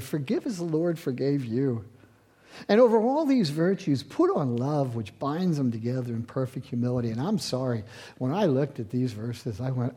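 A middle-aged male pastor from central Pennsylvania delivering a sermon. His pitch swings widely as he moves between wry, self-mocking asides and passionate, louder stretches of preaching. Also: husky.

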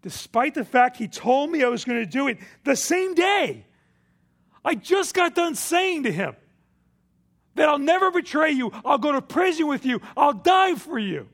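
A preacher doing an impulsive apostle who has just failed his friend. The voice sits high with a gravelly edge. He pleads loudly, close to shouting. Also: very animated, moderate pace, pauses often, exaggerated voice. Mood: anguished. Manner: loud, pleading, near shouting. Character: impulsive grown man apostle, crushed by his own failure.

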